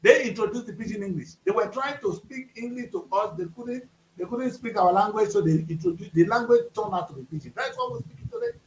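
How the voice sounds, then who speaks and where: A man's voice: high-pitched, fairly quick, reverberant, slight background noise, low-quality recording. A man with a Nigerian accent co-hosting a casual panel chat, talking emphatically and rising to outbursts. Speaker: co-host.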